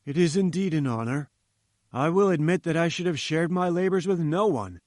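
A man's voice: a little high, dry recording, studio quality, lightly acted. A man reading a pompous lecturing professor. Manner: lofty, lecturing, patronizing. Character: pompous condescending male professor. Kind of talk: audiobook character voice.

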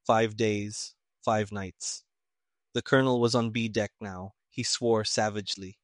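A man's voice: lowish voice, fairly even intonation, unhurried, no echo. Man narrating an audiobook, dry.

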